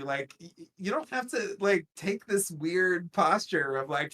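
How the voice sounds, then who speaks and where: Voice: medium pitch, big pitch swings, moderate pace, few pauses, a bit bright. A podcast co-host recapping a TV episode in casual chat, rambling with lots of fillers and trailing asides.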